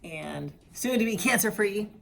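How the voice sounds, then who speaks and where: A woman's voice: mid-range voice, animated, unhurried, vocal fry, a bit bright, slight background noise. A middle-aged woman giving a casual, upbeat vlog update from home. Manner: chatty, upbeat, cooing baby talk to a cat. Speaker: vlogger sharing her health journey. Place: home, indoors.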